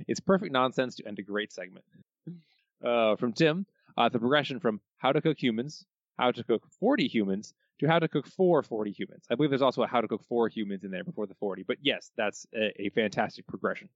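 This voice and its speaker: A man co-hosting a podcast, reading out listener answers in a casual way with quick bursts of put-on voices. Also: medium pitch, no room sound, dull audio. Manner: reads quotes with bursts of mock voices, chuckling. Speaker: podcast co-host.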